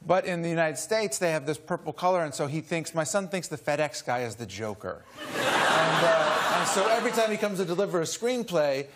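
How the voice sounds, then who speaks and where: A man's voice: a little high, fairly quick, a bit bright. A man, a guest on a chat show, telling an amused story and laughing often. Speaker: guest actor. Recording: noisy studio with audience.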